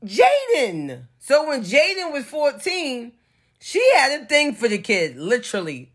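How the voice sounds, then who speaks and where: A woman's voice: high-pitched, huge pitch swings, unhurried, breathy edge. A woman giving casual pop-culture commentary in a blunt, profane, opinionated way, with sarcastic asides.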